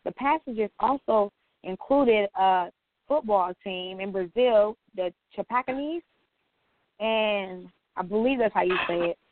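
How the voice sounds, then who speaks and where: A woman's voice: medium pitch, measured pace. A woman co-hosting a podcast in casual chat, blunt and teasing. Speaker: podcast co-host. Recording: dry, tinny phone-like sound.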